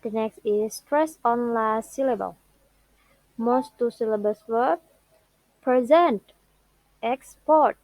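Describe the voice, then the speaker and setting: Slow, careful young Indonesian woman. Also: on the high side, darkish tone, no room sound, poor audio. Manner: slow careful reading with repeated words and restarts. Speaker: student. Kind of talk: pronunciation practice recording.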